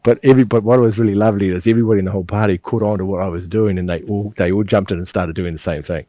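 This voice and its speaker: A middle-aged man leads a qigong class in a lowish voice. He rambles through stories, chuckles often and restarts his sentences. The sound is dry and close, with no room echo. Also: fairly even intonation, rapid-fire, dark tone. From New Zealand. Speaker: qigong teacher. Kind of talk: instructional class with personal storytelling.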